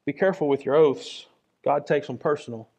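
A man preaches a sermon, his voice sitting a little higher than most men's. He talks to the congregation earnestly and conversationally and keeps circling back to the same phrases. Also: fairly quick, gravelly, a little mellow, slightly rough.

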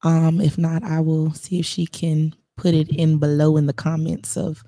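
Her voice sits low and moves at a normal speed, recorded in clean studio sound without room noise. As a guest on a casual interview, this spa owner and esthetician laughs often and stays relaxed and encouraging.

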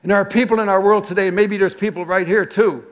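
A middle-aged man, a pastor, preaching a sermon through an animated, confessional personal story. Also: high voice, fast talker.

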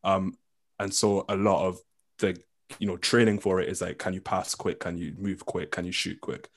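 A young man with an English accent, chatting casually as a guest coach in an interview, full of ums and quick laughs. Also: low voice, flat delivery. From England. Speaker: coach and committee member.

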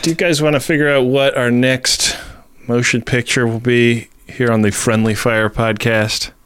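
A man's voice: mid-range voice, flat delivery, normal speed, a bit bright, smooth, dry recording, faint music behind. A man hosting a film podcast, teasing his co-hosts and steering the segment in casual chat. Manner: dry, teasing, runs the segment. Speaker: podcast host.

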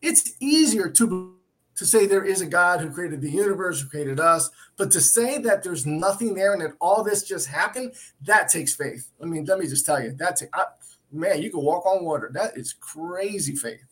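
With a high, somewhat bright voice and lively intonation, a man co-hosting a Christian talk show teaches from the Bible in casual chat. He speaks at a normal speed, earnestly and emphatically. Restarts and repetitions come up often.

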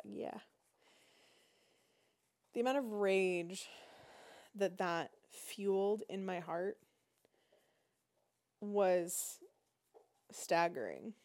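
Animated woman telling a story. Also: medium pitch, drawn-out words, pauses often. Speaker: podcast host. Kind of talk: casual storytelling.

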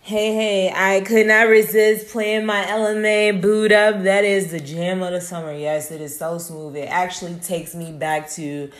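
A woman's voice: mid-range voice, flat delivery, unhurried, few pauses. A woman hosting her own podcast, wrapping up a solo episode in a laid-back, profane, affirming way. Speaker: podcast host. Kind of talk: casual solo podcast wrap-up.

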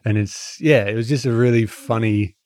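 A man's voice: mid-range voice, normal speed, a little mellow, no echo, clean studio sound. A man and podcast co-host chatting casually, rambling and explaining with lots of restarts. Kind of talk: casual chat.

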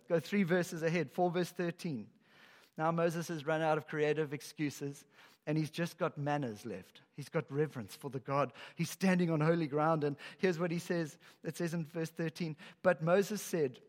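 A man preaching a sermon as a pastor, telling the story in an animated way and acting out the lines he quotes. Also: fairly high pitch, moderate pace. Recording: echoey hall with long reverb.

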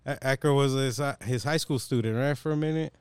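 A man's voice: medium pitch, brisk, clean tone, dry recording. A young man hosting a casual podcast chat, animatedly telling a story in slangy, profane talk and acting out the people in it.

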